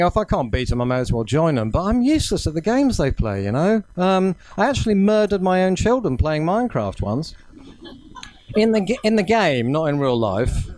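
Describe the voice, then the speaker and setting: Well-spoken guy doing standup in a little cafe, bouncy voice, kinda high. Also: a little mellow, dry recording. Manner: self-deprecating, hesitant with ums. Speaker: stand-up comedian. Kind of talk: stand-up set. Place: small cafe venue, indoors.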